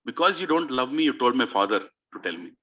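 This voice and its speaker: A man voicing a gentle, sorrowful young prince who speaks to his stepmother in a slow, soft, reproachful way. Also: mid-range voice, very animated, dull audio, pitched below the performer's own voice.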